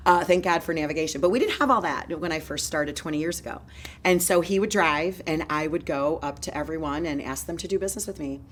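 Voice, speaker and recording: A low-pitched woman in her forties runs her own real estate company and tells her story in an interview. She is energetic and moves quickly from one thread to the next. A faint hum sits in the background. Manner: energetic, fast-moving storyteller.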